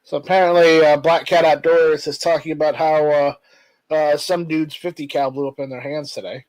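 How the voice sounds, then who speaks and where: A man with a fairly high voice co-hosts a casual chat, agreeing often and thinking out loud. He is recorded close and dry. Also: steady tone, normal speed, no room sound, low-quality recording. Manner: affirming, musing, many "right"s.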